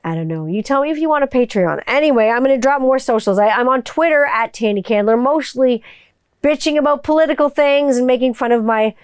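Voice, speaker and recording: A woman's voice: high-pitched, brisk, clean tone, dry recording. A middle-aged woman hosting her own podcast, rambling casually and swearing freely as she signs off. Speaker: podcast host. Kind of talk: casual podcast sign-off chat.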